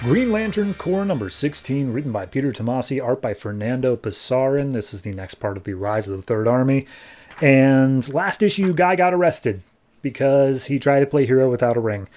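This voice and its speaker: A man hosting a podcast, casually recapping a comic book issue and tossing in quick playful voices for the characters. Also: medium pitch, lively intonation, darkish tone, faint music behind. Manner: retells scenes with quick playful quoted voices. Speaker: podcast host.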